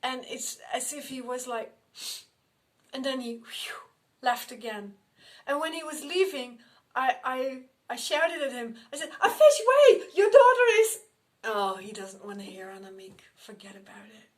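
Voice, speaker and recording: A middle-aged woman, a spiritual medium telling personal stories in an unhurried way, often repeating and restarting her phrases. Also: fairly high pitch, fairly even intonation, fairly bright tone. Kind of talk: personal storytelling to camera.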